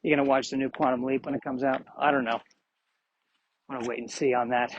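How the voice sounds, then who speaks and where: A man walks outdoors on a street as he hosts a solo podcast, talking quickly in meandering, self-mocking musings. His voice is mid-range with little pitch movement, and the muffled lo-fi recording picks up a little hiss or hum.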